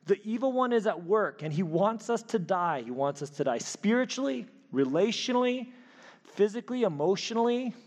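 A man preaching a sermon, telling a personal story with animated delivery and frequent restarts. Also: high voice, normal speed. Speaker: pastor. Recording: hall reverb.

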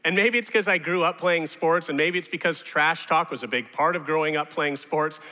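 A man preaching a sermon as pastor, animated and rising now and then to loud mocking shouts. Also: on the high side, normal speed, hardly any pauses. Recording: long reverb of a large hall.

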